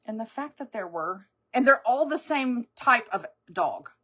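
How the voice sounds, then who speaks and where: Rambly woman chatting on a makeup livestream, voice sits a bit high. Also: expressive, a little slow, pushed and bright. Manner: rambling, chatty storyteller who laughs often. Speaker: makeup seller hosting a live stream. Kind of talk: casual live-stream chat.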